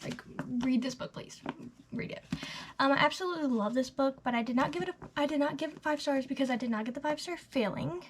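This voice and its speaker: High-voiced, gushing eighteen-year-old girl. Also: quick pace, slight background noise. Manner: gushing and chatty, full of "literally" and "like", trailing into soft half-whispers. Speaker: book vlogger. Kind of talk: casual book review chat.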